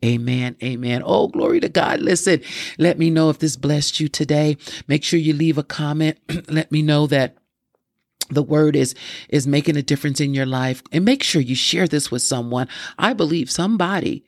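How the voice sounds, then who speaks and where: A man preaches a fervent sermon in a fairly high voice. He breaks in often with "glory to God" and moves into prayer and prophetic declarations. The sound is dry and close to the mic. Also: normal speed, no echo.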